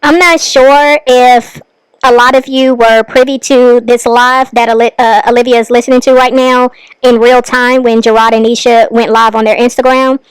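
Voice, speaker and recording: Smooth-voiced measured woman commentator. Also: a little high, little pitch movement, no room sound, poor audio. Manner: careful and measured.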